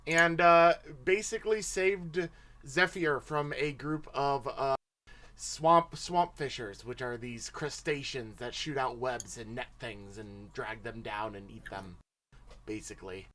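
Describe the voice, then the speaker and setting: A man's voice: medium pitch, slow pace, a bit bright. A man hosting a livestreamed tabletop game as game master, casual and chatty.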